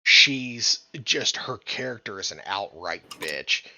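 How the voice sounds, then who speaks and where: A man with a Southern US accent co-hosting a podcast in casual chat, halting and self-mocking. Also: lowish voice, expressive, pushed and bright, no echo. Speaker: podcast co-host.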